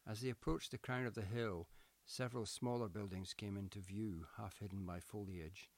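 A man reading a short story aloud in a measured, descriptive narration. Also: lowish voice, fairly even intonation, no echo. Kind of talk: scripted audiobook narration.

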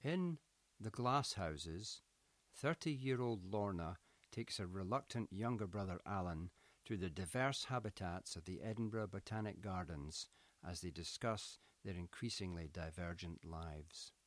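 A man reading a short story aloud in a measured, descriptive narration. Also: sits low, dry recording. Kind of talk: scripted audiobook narration.

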